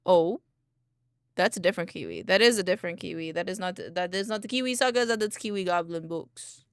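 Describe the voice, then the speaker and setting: A woman hosting a livestream, chatting casually with her viewers in a bubbly, playful way, giggling often and quick to apologize or reassure. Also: on the low side, smooth, no echo. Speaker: livestream host. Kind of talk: casual chat with live viewers.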